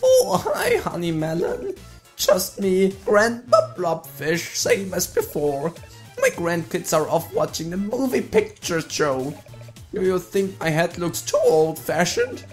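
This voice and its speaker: A man's voice: high voice, huge pitch swings, slow pace, soft background music, voice pushed up, heavily acted. A man voicing a folksy, doddering elderly blobfish in a game playthrough.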